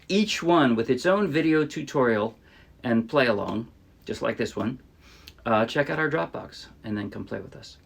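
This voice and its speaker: A middle-aged man from the New Jersey area teaching ukulele in a relaxed way, often restarting his sentences and singing short demo lines. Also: mid-range voice, creaky, slightly rough. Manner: relaxed, explains with restarts and sung demos. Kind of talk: casual music tutorial. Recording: ukulele playing behind.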